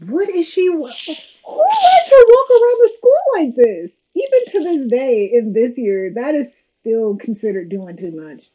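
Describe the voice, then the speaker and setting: A woman's voice: high voice, big pitch swings, unhurried, breathy edge. Sarcastic woman reacting to a show. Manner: sarcastic, exasperated running commentary. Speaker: reaction video host. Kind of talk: casual watch-along commentary. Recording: slightly dull lo-fi audio with faint noise.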